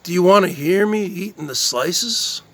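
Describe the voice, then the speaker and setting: A man's voice: high voice, normal speed. A man doing a bragging Jersey pizza lover. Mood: boastful. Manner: loud smacking yummy sounds, bragging. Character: boastful Jersey man savoring pizza slices.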